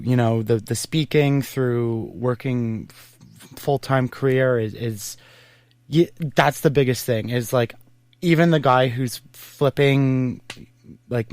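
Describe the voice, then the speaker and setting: A man hosts a podcast in casual chat, rambling and thinking aloud with plenty of fillers. His pitch is middling and the sound is dry and close. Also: a little mellow, no room sound. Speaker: podcast host.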